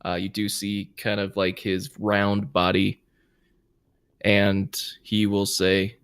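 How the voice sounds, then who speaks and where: Low, gravelly-voiced man running a tabletop game. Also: monotone, slow, fairly bright tone, dry recording, clean studio sound. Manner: casual, hesitant, filler-heavy. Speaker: game master.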